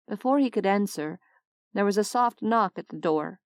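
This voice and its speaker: A woman reading a novel aloud as an audiobook narrator, steady and expressive. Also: medium pitch, moderate pace, dry recording, clean studio sound. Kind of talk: scripted narration.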